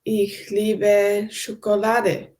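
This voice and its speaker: A woman's voice: mid-range voice, completely flat delivery, drawn-out words, darkish tone. A woman co-hosting a language lesson, answering questions and carefully repeating words after the teacher. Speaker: co-host and practice partner.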